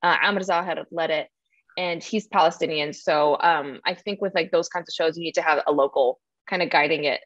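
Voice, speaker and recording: A woman comedian chatting casually in an interview, relaxed and sometimes groping for words mid-sentence, heard over a video call. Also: sits low, moderate pace, no echo, dull audio. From United States. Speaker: comedian guest.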